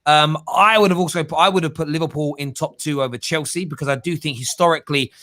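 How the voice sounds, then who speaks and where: A man hosts a live football debate, talking fast and thinking out loud. His voice sits fairly high and sounds dry and close to the mic. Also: no echo. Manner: quick, thinks aloud, changes his mind. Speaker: show host.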